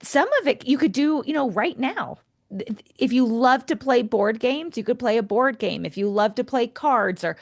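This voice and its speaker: A young adult woman co-hosting a casual self-help podcast, coaching listeners in an encouraging, animated way. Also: fairly high pitch. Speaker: podcast co-host.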